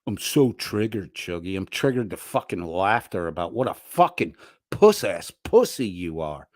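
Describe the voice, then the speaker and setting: A man hosting a casual livestream and reading out viewer chat, profane and mocking, swinging between loud jeers and low mutters. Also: sing-song, moderate pace, no echo, clean studio sound.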